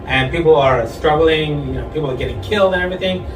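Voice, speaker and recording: A man doing a stand-up comedy set on a club stage, telling jokes in a deadpan way and pitching his voice up when he quotes people. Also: quick pace. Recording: echoey club audio from far off, with crowd. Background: audience laughter and room noise.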